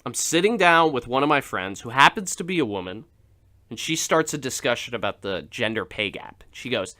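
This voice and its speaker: A man's voice: mid-range voice, lively intonation, normal speed, pushed and bright. A young man hosting a radio show, rambling through a joking monologue with laughs and restarts. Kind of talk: casual comedic monologue.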